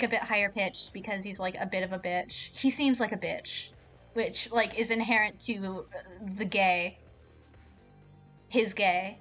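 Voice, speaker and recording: A woman streaming a game live, chatting in an excitable, rambling way and swearing a lot. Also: medium pitch.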